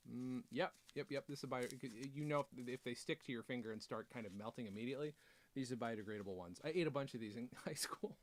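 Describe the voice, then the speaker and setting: A man's voice: medium pitch, a little hiss or hum. A man hosting a casual unboxing vlog, rambling with self-deprecating jokes and chatty asides. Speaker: author and video host.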